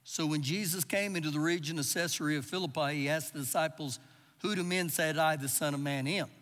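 A man's voice: on the high side, fairly quick, a bit bright. A man preaching a sermon, reading verses and acting out quotes with emphasis. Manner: expository preaching with dramatized quotes. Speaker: pastor. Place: church service. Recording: live service with long reverb.

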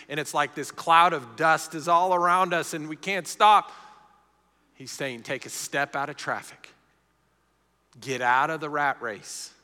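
A man's voice: medium pitch, bright, forceful tone. A middle-aged man preaching an earnest, conversational sermon at a live evening church service. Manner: earnest, conversational preaching, often opening with "see". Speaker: pastor. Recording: echoey church hall with long reverb.

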